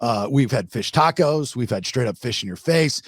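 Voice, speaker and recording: A middle-aged man hosting a podcast, telling a fishing story in a casual, animated way with many restarts. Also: medium pitch, moderate pace, no echo. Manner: animated, restarts a lot, acts out shark growls. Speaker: podcast host.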